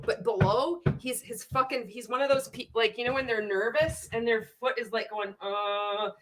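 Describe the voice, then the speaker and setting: A woman's voice: on the high side, normal speed. A woman hosting a casual livestream, reading chat comments aloud and mocking a coach, swearing freely and laughing often. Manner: profane, laughing often, animated and teasing.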